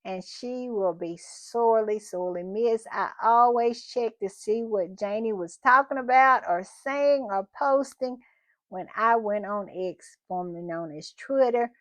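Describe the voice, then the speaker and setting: A woman's voice: mid-range voice, no echo. A woman hosting a casual commentary show, talking in a chatty, emphatic way and often repeating her phrases. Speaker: commentary channel host.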